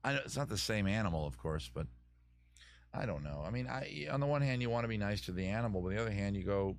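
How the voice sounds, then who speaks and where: Rambling, low-voiced male live-stream host. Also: expressive, fast talker, vocal fry. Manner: rambling, restarts sentences, swears casually. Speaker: live-stream host reading viewer comments. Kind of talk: casual live-stream chat.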